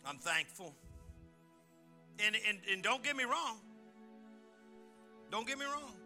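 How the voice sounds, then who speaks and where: A male pastor giving a folksy, animated sermon, often restarting his words. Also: very high voice, slow, faint music behind. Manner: folksy, animated and joking, with repeated word restarts.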